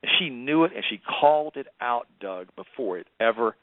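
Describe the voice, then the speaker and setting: A man in his fifties from the United States, a radio guest telling an impassioned story that rises in pitch when he quotes. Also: expressive, moderate pace, dry recording. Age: 50s. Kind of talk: radio interview. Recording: tinny phone line, dry.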